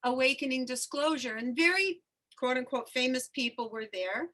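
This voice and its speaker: A woman with a high, bright voice hosts a relaxed spiritual chat. She tells a personal story in an animated way, open about her feelings and letting the emotion come through. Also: moderate pace. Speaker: host.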